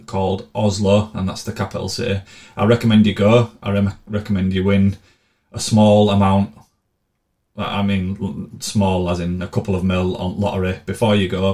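A man's voice: lowish voice, a little mellow. A man telling blunt, sweary, sardonic travel stories in a casual monologue. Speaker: vlogger.

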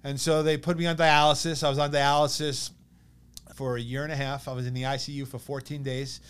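A man in his thirties with a New York accent, telling a personal story as a podcast guest in an animated way, acting out what others said. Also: mid-range voice, brisk, clear, resonant tone. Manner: animated, quotes others in lively bursts.

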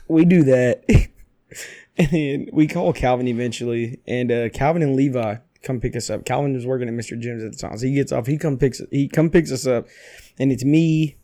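A man's voice: mid-range voice, moderate pace, dark tone. A young man telling a story in casual chat, swearing and acting out quotes.

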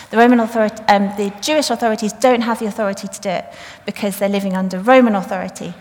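Brief: woman preacher, mid-pitched, casual storytelling sermon, long church reverb. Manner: conversational, retells the story plainly with fillers. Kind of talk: sermon with scripture reading.

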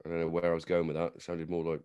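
A man's voice: low voice, monotone, rapid-fire, dark tone, clear, resonant tone, dry recording. A man co-hosting a podcast, chatting casually in a jokey, sweary way. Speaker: podcast co-host.

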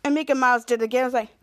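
High-voiced woman animatedly recapping a show. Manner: animated retelling, acting out characters' lines with gasps. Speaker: podcast host recapping a TV episode. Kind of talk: casual episode recap.

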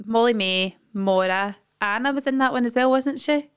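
A woman co-hosting a podcast, gossiping eagerly with quick asides. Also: a little high, clear, resonant tone. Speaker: podcast co-host. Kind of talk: casual chat.

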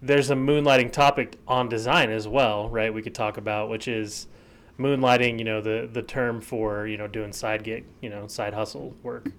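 A man co-hosting a podcast in casual chat, teasing his partner and talking in halting bursts with many restarts. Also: lowish voice, steady tone, a little hiss or hum. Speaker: podcast co-host.

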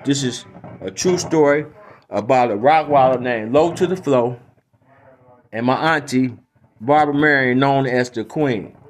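A man's voice: mid-range voice, a little slow. A man from Detroit hosting a podcast, telling comic stories and opinions in a rambling, repetitive, emphatic way. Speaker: podcast host. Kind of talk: casual comedic storytelling.

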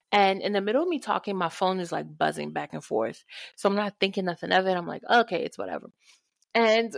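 A woman's voice: mid-range voice, vocal fry, no room sound. A woman co-hosting a podcast, telling a dating story in casual chat and acting out what people said. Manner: animated storytelling, acts out quotes. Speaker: podcast co-host.

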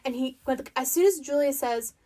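A woman's voice: high-pitched, normal speed, warm tone. A woman giving a casual, opinionated recap of a reality show episode, chatting loosely and leaning hard on "like". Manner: chatty and opinionated, heavy use of "like".

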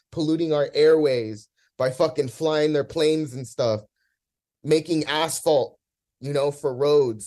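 A man's voice: fairly high pitch, a little mellow. A man in a podcast discussion, talking in an impassioned, profane rant, visibly emotional.

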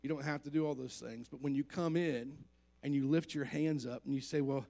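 A man's voice: on the high side, fairly even intonation, fairly quick, gravelly, dark tone. A male pastor preaching a conversational sermon, asking the congregation questions and joking along the way.

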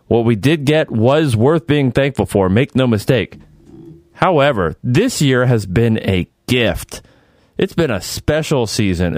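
Male podcast host, animated pitch, joking and rambling, dry close sound. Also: dry recording. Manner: jokey, rambling, warmly earnest. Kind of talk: casual chat.

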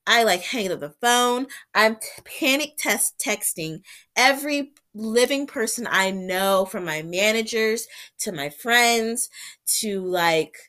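A woman's voice: fairly high pitch, animated, slow pace, bright, forceful tone. A young woman vlogging in a casual storytelling style, chatty and full of "like", acting out her own reactions while sick with covid. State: sick with covid and an ear infection.

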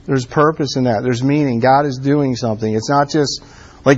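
A man preaching a casual, conversational sermon, filling his talk with "like" and "um" and pressing his points with warm emphasis. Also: mid-range voice, fairly even intonation, normal speed. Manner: conversational, many fillers like "like" and "um". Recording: dull lo-fi sound.

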